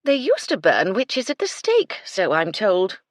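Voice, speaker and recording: A woman's voice: mid-range voice, huge pitch swings, no echo, studio quality, pitched above the performer's own voice. A woman doing a dreamy mystic lady. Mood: eerie. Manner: drawn-out, mysterious, softly murmuring.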